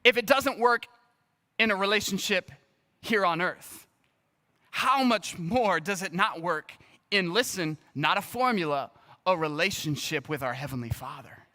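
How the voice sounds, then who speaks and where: A man, a guest pastor, preaching an earnest, animated sermon and acting out bits of dialogue. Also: high-pitched, a little slow. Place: church sanctuary.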